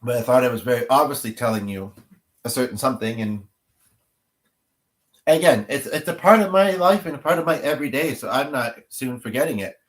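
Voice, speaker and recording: A man's voice: mid-range voice, animated, a little fast. A man hosting a livestream, chatting casually with viewers, rambling and thinking aloud as he goes. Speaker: livestream host.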